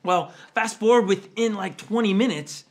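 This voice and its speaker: A man's voice: sits high, moderate pace. A man in his forties, a pastor, telling stories in a conversational online sermon and acting out family quotes with big jumps in voice. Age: 40s. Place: church livestream.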